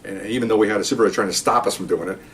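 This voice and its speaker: An older man, a retired police officer, tells a story to camera in a relaxed way, animatedly acting out the voices of the people involved. His fairly low voice races along, picked up by a distant mic with slight background noise.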